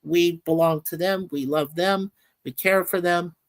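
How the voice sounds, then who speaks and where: A woman hosting a casual livestream, speaking earnestly and warmly to her viewers and reading out their comments. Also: on the low side, fairly even intonation, unhurried. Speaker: livestream host.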